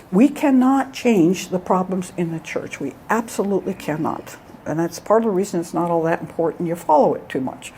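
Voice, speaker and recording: Brief: a woman speaker with a low, warm voice, conversational and exhortative, peppering her talk with "all right?". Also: a little hiss or hum. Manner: conversational, often adds "all right?" and "you know?"; acts out dialogue between herself and God. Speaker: speaker at a Catholic event. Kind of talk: informal talk to an audience.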